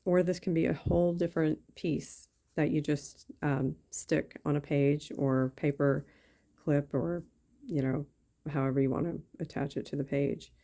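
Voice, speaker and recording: Low, gravelly-voiced woman crafting along. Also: steady tone, unhurried, dark tone. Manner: chatty, rambling, thinks aloud with fillers. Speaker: craft YouTuber. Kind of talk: casual craft-along chat.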